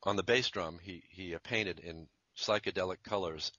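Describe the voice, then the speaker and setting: Deep-voiced, bright-toned man telling stories. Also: normal speed, no echo, dull audio. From Virginia, USA. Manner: rambling, chuckling, self-interrupting. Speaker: jingle composer and musician. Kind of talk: conversational interview storytelling.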